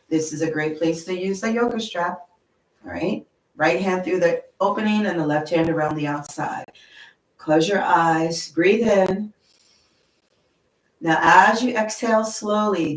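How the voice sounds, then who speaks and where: Soft-spoken woman leading a yoga class. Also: lowish voice, reverberant, far from the mic, rough recording. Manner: slow, gentle and encouraging, with frequent "okay?". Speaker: yoga instructor. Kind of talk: guided yoga class instruction. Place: yoga studio.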